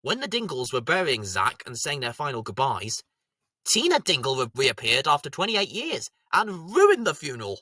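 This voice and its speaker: High-voiced lively man doing comedy commentary. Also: moderate pace, dry recording, clean studio sound. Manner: jokey, bursts into silly shouted voices. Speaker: comedy show host.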